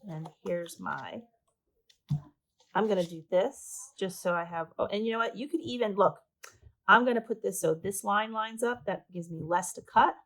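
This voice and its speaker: Gravelly-voiced woman teaching a craft. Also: mid-range voice, moderate pace, a bit bright, rough recording. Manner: chatty and self-deprecating, talking while working. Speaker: art teacher. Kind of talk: step-by-step craft demonstration.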